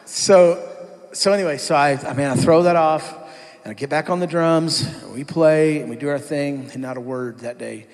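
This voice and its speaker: Candid man telling his story in a hall. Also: on the high side. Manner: candid storytelling, acts out his past self. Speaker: pastor giving his testimony. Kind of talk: church testimony talk. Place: church hall. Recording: long hall reverb.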